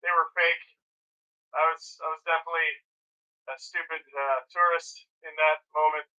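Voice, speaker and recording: A man's voice: a little high, level tone, normal speed, sharp tone, poor audio. A man hosting hockey game commentary, playful and joking, with mock sponsor reads. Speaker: hockey broadcast host. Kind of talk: comedic live game commentary.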